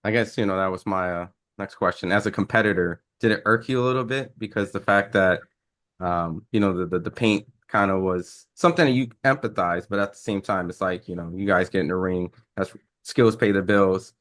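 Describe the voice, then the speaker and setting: A man's voice: low-pitched, a little fast, a bit bright. A man interviewing a fighter, asking long, hesitant questions full of "um" and restarts.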